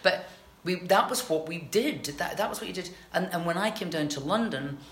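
Scottish actress, middle-aged, animated raconteur with lots of restarts, heard in a roomy space. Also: female voice, fairly low pitch, normal speed, slight background noise. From Scotland. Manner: chatty, animated storytelling with many restarts. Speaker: actress guest. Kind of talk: casual interview chat. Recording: roomy echoey recording.

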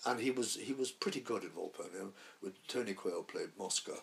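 A man's voice: fairly low pitch, brisk, creaky, a bit bright. An actor in his eighties, a man, rambling through theatre anecdotes in an interview, often restarting his sentences. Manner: rambling storyteller, many restarts. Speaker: actor, guest.

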